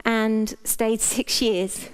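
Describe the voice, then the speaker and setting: Middle-aged British woman, doctor on stage; frank and playful, smooth voice pitched a touch high. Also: little pitch movement, extremely slow. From Britain. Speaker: doctor and speaker. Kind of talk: motivational stage talk.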